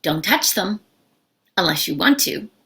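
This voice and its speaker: A woman's voice: mid-range voice, unhurried, creaky. A middle-aged woman from Canada teaching a live English lesson, acting out short dialogues in playful voices. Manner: animated, acts out little dialogues with playful voices. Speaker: ESL instructor.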